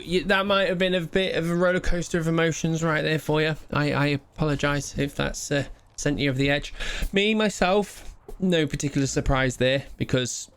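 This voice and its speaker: A man's voice: fairly high pitch, fairly bright tone, clean tone. A man streaming a game live, chatting casually with rambling asides and a bit of swearing.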